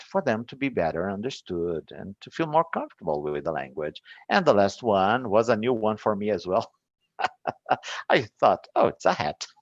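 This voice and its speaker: A man from Brazil with a Brazilian Portuguese accent, an English teacher recounting a lesson in a relaxed, chatty way with fillers and small laughs. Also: low voice, no room sound, dull audio.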